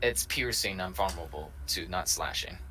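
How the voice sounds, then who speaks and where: A man casually playing a tabletop game, chatty and quick to laugh. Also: low voice, sharp tone, a little hiss or hum. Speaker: player.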